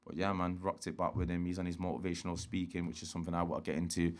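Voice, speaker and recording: Lowish guy spinning stories, loads of slang and swearing, does everyone's voices. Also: completely flat delivery, racing. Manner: slangy, swearing, acts out quotes. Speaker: interview guest. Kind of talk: casual storytelling.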